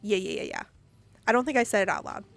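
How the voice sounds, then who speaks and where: A woman's voice: mid-range voice, huge pitch swings, quick pace, creaky, fairly bright tone, faint music behind. A woman with a Midwestern American accent touched with Southern, chatting casually on a live stream, reading viewer comments and giggling often. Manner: chatty, giggly, thinking aloud.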